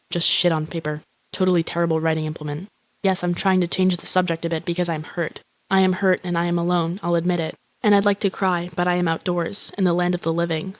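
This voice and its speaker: An actress plays a lonely, grandiose young woman musing in a flat, deadpan inner-monologue voice-over. Her voice is a touch low and barely rises or falls, and it sits close and dry. She swears casually and sounds self-absorbed. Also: no echo, close to an everyday voice. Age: young adult.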